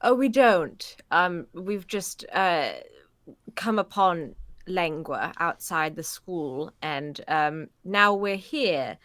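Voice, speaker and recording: An awkward, stumbling adventurer, played by a woman in a tabletop game, with a lively pitch. The sound is close and dry. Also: slow, no room sound.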